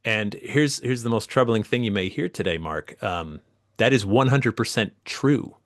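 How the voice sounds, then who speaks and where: Lively New storyteller, low voice. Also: male voice, moderate pace. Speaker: guest author. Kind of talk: casual interview chat.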